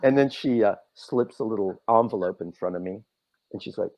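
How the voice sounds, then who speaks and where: A man, a podcast guest and author, telling stories in a casual way and acting out quotes with big swings in pitch. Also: fairly quick, dull audio. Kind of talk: casual storytelling.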